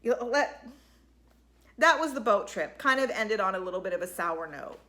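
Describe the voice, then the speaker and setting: A woman's voice: medium pitch, expressive, moderate pace, a bit bright. A woman casually recapping a reality show, rambling and exasperated, often slipping into quoted voices.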